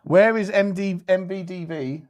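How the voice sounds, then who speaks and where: A man co-hosting a live match watchalong, reacting loudly with exasperated, sweary outbursts. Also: high-pitched, measured pace. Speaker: watchalong co-host.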